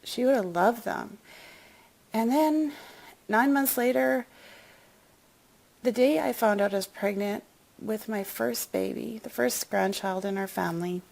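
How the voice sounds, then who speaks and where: Middle-aged woman, gravelly voice, personal story turning into an upbeat sales pitch. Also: a little slow, pauses often, a little mellow. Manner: emotional, confiding, then upbeat and chatty. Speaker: wellness product promoter.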